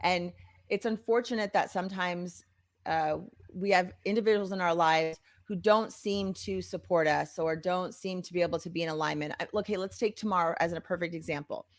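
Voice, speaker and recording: A woman co-hosting a podcast, chatting casually and encouragingly, acting out quoted voices with lively energy. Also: lowish voice, brisk. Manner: animated, acts out quoted voices. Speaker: podcast co-host.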